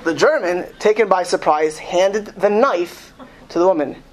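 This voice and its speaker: A man reading a story aloud to an audience, slow and emphatic, stumbling and restarting often. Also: high voice. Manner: reads slowly and with emphasis, with frequent restarts. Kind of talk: lecture with read-aloud story.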